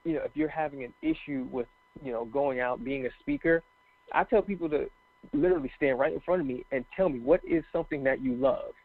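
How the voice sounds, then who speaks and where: A man's voice: mid-range voice, a little fast, dry recording. A man speaking as a guest motivational speaker, talking earnestly and with passion in casual interview chat over a phone call. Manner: earnest, passionate, tells stories with acted quotes. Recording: dry tinny phone line.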